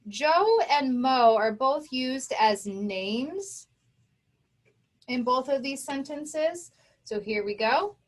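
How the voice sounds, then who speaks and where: A woman teaching a children's phonics lesson, patiently sounding out words and spelling them letter by letter. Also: on the high side.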